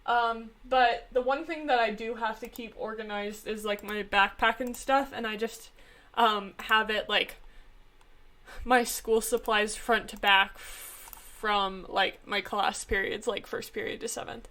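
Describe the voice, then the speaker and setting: A teenage girl chatting on a podcast in a slightly high voice. She hesitates a lot and pads nearly every sentence with fillers. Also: fairly even intonation, measured pace, pushed and bright. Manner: hesitant, filler-heavy with lots of "like". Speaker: podcast co-host. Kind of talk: casual chat.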